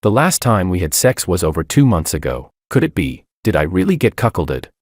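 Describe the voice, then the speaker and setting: A man reading a first-person story as its narrator, in a measured, dramatic storytelling manner. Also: sits low, sing-song, dry recording, clean studio sound.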